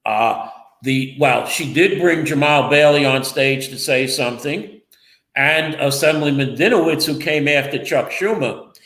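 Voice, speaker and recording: A man's voice: on the high side, measured pace, a bit bright, reverberant, poor audio. A man co-hosting a local political talk show, defensive and rambling as he explains himself. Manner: defensive, rambling, repeats the other host's name. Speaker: co-host and local reporter. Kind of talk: casual political chat show.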